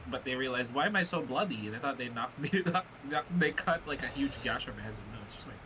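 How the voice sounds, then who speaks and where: Guest, male, animated pitch; halting, filler-heavy chat over background hiss. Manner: rambling, full of "uh" and restarts. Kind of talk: casual chat.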